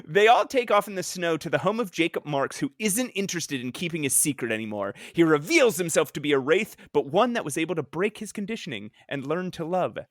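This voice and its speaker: A man co-hosting a casual podcast, his pitch bouncing all over as he jokes through a recap. He sits close to a dry, deadened mic. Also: lively intonation, brisk, hardly any pauses, no room sound. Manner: jokey, does mock-villain voices in recaps. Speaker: podcast co-host. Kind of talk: casual comic-book podcast chat.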